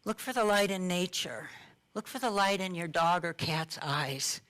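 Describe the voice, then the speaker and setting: A middle-aged woman minister speaks in a loose, conversational sermon style with a somewhat low voice. She poses questions to her listeners and breaks into light laughs as she talks. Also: expressive, moderate pace, fairly bright tone. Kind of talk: informal sermon talk.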